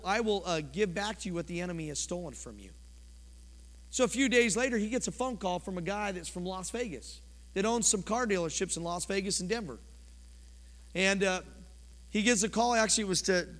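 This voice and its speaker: A pastor preaching a sermon in a church, his delivery impassioned and swinging from loud to quiet. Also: high-pitched. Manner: impassioned preaching, rising and falling sharply. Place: church sanctuary. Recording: long church reverb.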